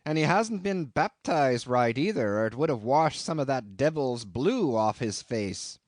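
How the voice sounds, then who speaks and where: A man voicing a blunt, gruff old sea captain who speaks loudly in a storybook reading. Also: mid-range voice, expressive, unhurried, no echo, clean studio sound. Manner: loud, blunt.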